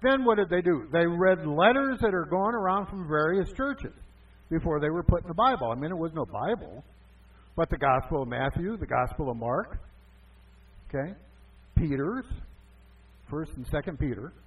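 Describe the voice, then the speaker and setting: Husky pastor, chatty, far-off tinny sound. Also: male voice, on the high side, big pitch swings, moderate pace. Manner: chatty, asks and answers his own questions. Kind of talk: conversational sermon.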